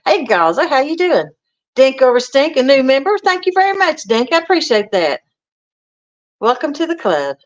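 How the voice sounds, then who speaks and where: A woman's voice: on the high side, fairly bright tone. A woman hosting a casual livestream from a home kitchen, greeting viewers and reading out their comments in a folksy, chatty way. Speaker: livestream host. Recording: dull lo-fi stream audio.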